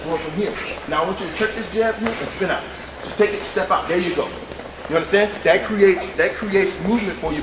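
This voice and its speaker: A man's voice: high-pitched, fast. A man coaching boxing technique, giving short encouraging cues as students drill. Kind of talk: mat-side technique instruction. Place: training gym. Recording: echoey gym, background noise.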